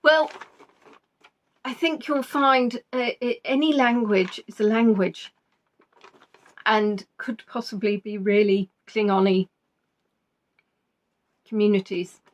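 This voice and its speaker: A woman's voice: mid-range voice, fairly even intonation, takes it slowly, long pauses. A woman hosting a live-stream quiz in a chatty, giggly way, reading out viewers' answers and teasing them. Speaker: quiz host.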